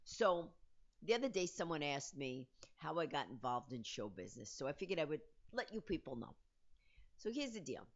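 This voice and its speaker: A fast-talking woman in her fifties tells a story to her viewers in a low voice. Her pitch swings widely from line to line. The recording is slightly muffled and lo-fi. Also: big pitch swings. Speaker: host. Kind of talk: storytelling vlog.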